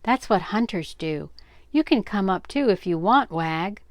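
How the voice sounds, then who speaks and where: Woman doing an eager storybook farm boy, slow-spoken, dry close sound. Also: mid-range voice, lively intonation, no room sound, natural voice. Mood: earnest.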